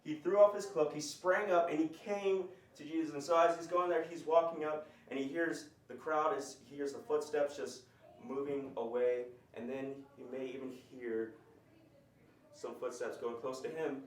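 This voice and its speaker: A man's voice: fairly high pitch, steady tone, moderate pace. A man teaching a conversational bible lesson, explaining and asking his group questions. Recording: roomy, distant mic.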